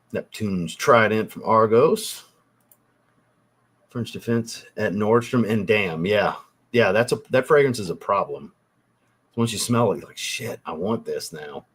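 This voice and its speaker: A man hosts a casual livestream, reading viewer messages aloud and answering them off the cuff. His voice is low and husky, and his delivery is teasing, blunt and peppered with casual swearing.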